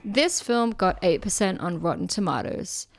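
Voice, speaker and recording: A woman's voice: on the low side, lively intonation, moderate pace, vocal fry, over loud music. A woman co-hosting a casual podcast, reading out trivia and reviews in a dry, amused way. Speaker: podcast co-host.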